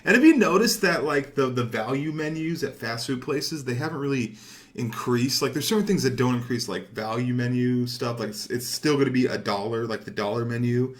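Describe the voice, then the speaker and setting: Young male gaming commentator, mid-pitched voice, casual and rambling, quick to swear and get hyped. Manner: rambling, profane, easily excited. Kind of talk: casual commentary over gameplay.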